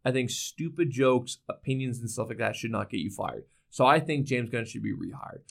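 Young male podcast co-host, mid-pitch, riffing in loose profane rants. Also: moderate pace, vocal fry. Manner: animated, swearing, ranting. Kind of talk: casual chat.

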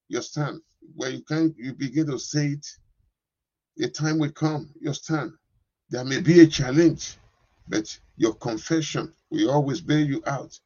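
A man's voice: mid-range voice, a little mellow, breathy edge, no room sound, dull audio. A man preaching a sermon as pastor, giving commands to the congregation and breaking into speaking in tongues.

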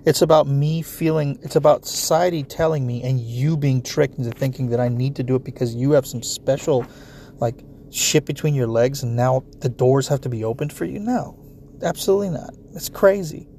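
Heavy swearing fills this man's blunt monologue, an animated solo rant aimed directly at whoever's listening. He has a mid-range voice at normal speed, and a little hiss or hum sits under the recording.

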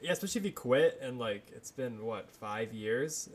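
Relaxed male co-host, mid-pitch, blunt opinions, faint hiss behind. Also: normal speed. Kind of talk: casual movie chat.

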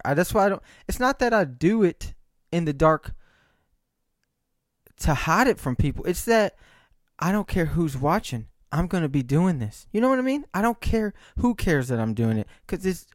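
A man's voice: fairly high pitch, no room sound, clean studio sound. A man talking to camera in a rambling, profane monologue, checking in with frequent "right?" asides. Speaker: vlogger.

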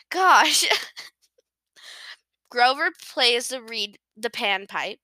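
A woman rambles through a recap of a novel, giggling and apologizing to her listeners. Her voice is fairly high and bright and her pace is unhurried. It is recorded close and dry, with no room sound at all. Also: no echo. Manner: giggly, self-deprecating, apologetic. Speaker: podcast host recapping a novel. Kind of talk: casual rambling book recap.

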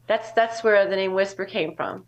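A woman in her sixties, a podcast guest, chatting through quick anecdotes in an interview. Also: medium pitch, a loud crowd. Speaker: guest, wine company co-owner. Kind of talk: casual interview talk.

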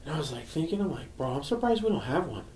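A man's voice: fairly high pitch, very animated, quick pace, a little mellow. A young man from Southern California co-hosting a podcast, laid-back and joking with casual swearing. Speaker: podcast co-host. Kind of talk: casual chat. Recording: roomy echo.

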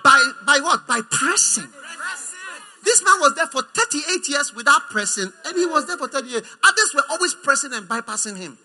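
High, bright-voiced Ghanaian preacher. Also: male voice, moderate pace. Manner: animated, teasing, emphatic. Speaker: pastor. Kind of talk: sermon.

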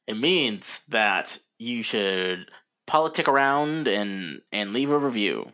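A man's voice: fairly low pitch, lively intonation, takes it slowly, pushed and bright. Young guy cohosting a podcast, jokey and rambly, laughs a bunch. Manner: joking, rambling, laughs often. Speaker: podcast co-host. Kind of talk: casual chat.

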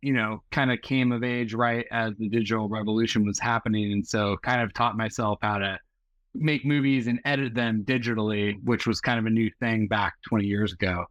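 Speaking at a brisk clip in a fairly low voice, a Seattle man in his forties appears as a filmmaker guest in an interview, rambling casually and at length with plenty of fillers in a relaxed way. The recording is dry, and the audio sounds muffled and lo-fi.

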